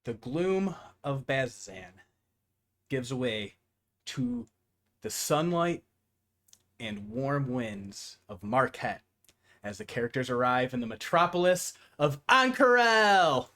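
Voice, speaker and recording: A man's voice: mid-range voice, lively intonation, slow pace, pushed and bright. A man running a tabletop game as game master, narrating scenes and swearing casually.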